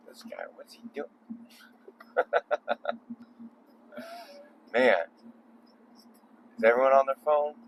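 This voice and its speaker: A man's voice: medium pitch, a little hiss or hum, low-quality recording. A man making a casual video while driving on the freeway at night, rambling with joking asides. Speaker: vlogger.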